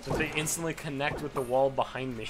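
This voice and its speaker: A man giving casual, profane let's play commentary as a gaming host, swinging into loud frustrated rants. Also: medium pitch, fairly even intonation, fast, background noise. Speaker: gaming YouTuber. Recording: game music behind the voice. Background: game music.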